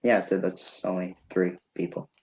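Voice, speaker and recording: A man's voice: low-pitched, level tone, normal speed, low-quality recording. A young man co-hosting a podcast, telling a rambling story in casual chat and laughing often. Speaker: podcast co-host.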